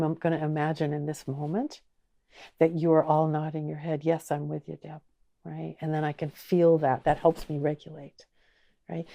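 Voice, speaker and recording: A woman teaching an online course, speaking slowly and gently and asking the listener many inviting questions. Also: low voice. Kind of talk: guided teaching talk.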